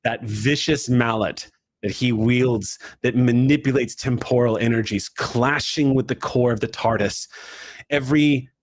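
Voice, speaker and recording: A man runs a tabletop role-play, narrating dramatically in the second person. His voice is husky and mid-pitched. He speeds through some lines and stretches others out slowly. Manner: shifting pace, swift then drawn out. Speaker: game master.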